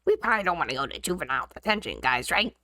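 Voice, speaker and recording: A woman voicing a boastful ten-year-old boy, low and mumbling, as she retells a story. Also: sing-song, rapid-fire, bright, forceful tone, dry recording, clean studio sound. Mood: menacing, sulky.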